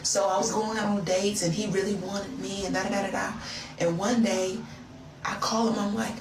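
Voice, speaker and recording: Speaking at medium pitch in a level tone and at a moderate pace, a woman recounts a personal story straight to her listener. Her manner is chatty, playful, and casually confessional, heard through roomy, distant, noisy phone audio.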